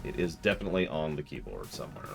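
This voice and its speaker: A man giving joking, chatty commentary while streaming a game and reading out viewer messages, with loud game music behind. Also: extremely low pitch, sing-song, racing, vocal fry. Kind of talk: live gameplay commentary.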